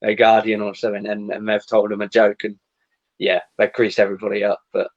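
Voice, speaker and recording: An easygoing male podcast host with a low voice, guiding the chat with questions. The sound is a bit muffled and lo-fi. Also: monotone, brisk.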